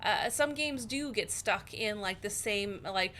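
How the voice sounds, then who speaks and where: A woman's voice: mid-range voice, measured pace, hardly any pauses, bright, forceful tone. A woman co-hosting a casual livestream, reading chat comments aloud in a bubbly, rambling way with lots of fillers and giggles.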